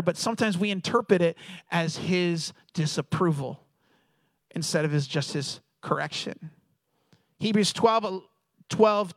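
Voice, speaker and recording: High-voiced man preaching a sermon. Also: no echo. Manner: storytelling, animated, acts out quoted voices. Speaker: pastor.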